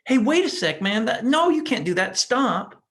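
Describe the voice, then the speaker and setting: Brief: a male teacher doing a flustered talking inductor, high and protesting. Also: big pitch swings, normal speed, fairly bright tone, heavily acted. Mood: alarmed. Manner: protesting, exclaiming.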